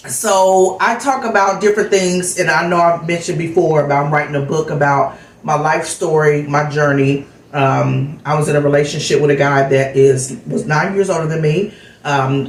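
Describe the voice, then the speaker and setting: A woman's voice: deep voice, echoey room, low-quality recording. A middle-aged woman vlogger chatting candidly and telling a personal story in a casual way. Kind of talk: casual chat vlog.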